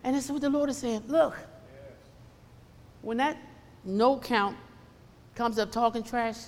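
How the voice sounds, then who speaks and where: A woman's voice: on the high side, unhurried, darkish tone. A woman preacher delivering a sermon, emphatic and repetitive, acting out the voices she quotes. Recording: long hall reverb.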